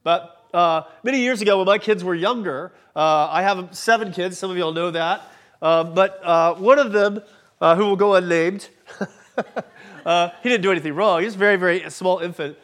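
A man's voice: high-pitched, moderate pace, fairly bright tone. A man, preaching a sermon and telling a chatty, self-deprecating personal story, a little congested from allergies. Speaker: pastor.

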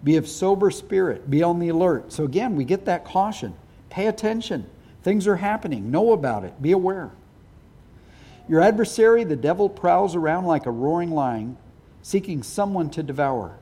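A man's voice: high voice, expressive, normal speed, mellow, breathy edge. A middle-aged man preaching a sermon as pastor, speaking earnestly and with emphasis.

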